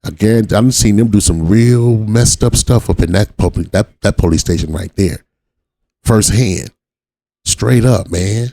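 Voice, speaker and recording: A man's voice: on the low side, normal speed, warm tone, no echo. A man from Watts giving blunt, profane reaction commentary on a video as the channel host. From Watts, Los Angeles. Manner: blunt, profane street talk.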